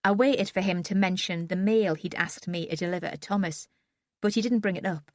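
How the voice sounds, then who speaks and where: Woman reading a mystery audiobook, lowish voice, wry and subdued, dead dry. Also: fairly quick, dry recording. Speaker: audiobook narrator. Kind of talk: first-person audiobook narration.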